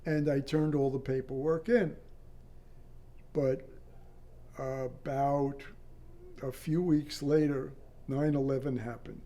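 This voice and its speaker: Mellow-voiced older man telling a story. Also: mid-range voice, level tone. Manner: halting, matter-of-fact storytelling. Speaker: retired air traffic controller. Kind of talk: recounting a personal story in an interview.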